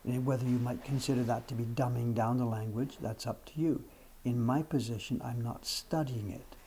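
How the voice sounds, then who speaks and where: This is an older man in his seventies, chatting plainly to viewers on a livestream. His voice is gravelly and mellow. He talks in a frank, self-deprecating way, and a faint room noise runs underneath. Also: mid-range voice, steady tone, normal speed. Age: 70s. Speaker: livestream host. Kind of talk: casual livestream chat answering viewers.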